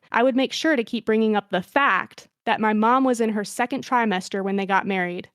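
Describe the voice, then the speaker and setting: A young woman hosts a podcast with a slightly raised pitch. She reads listener stories and then chats with wry, self-mocking humor. The sound is close and dry. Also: dry recording. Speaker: podcast host. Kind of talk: reading a listener's story aloud, then casual chat.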